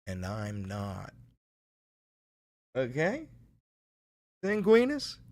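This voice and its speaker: Animated, profane male podcast host. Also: mid-range voice, drawn-out words. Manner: joking, profane, swings between loud and quiet. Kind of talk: casual pre-show banter. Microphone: studio podcast mic with adjustable gain.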